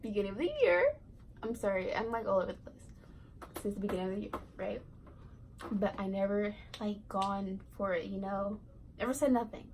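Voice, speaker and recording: A woman's voice: mid-range voice, normal speed, a little mellow, slight background noise, rough recording. A teenage girl vlogger telling a casual storytime, rambling and giggly, full of "like" and "right". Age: teens.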